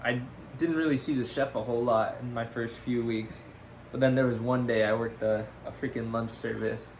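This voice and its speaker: With a little hiss or hum in the recording, a young man co-hosting a podcast recounts a story at normal speed in a medium-pitched voice. He's casual and animated, laughs a lot, and keeps saying "freaking."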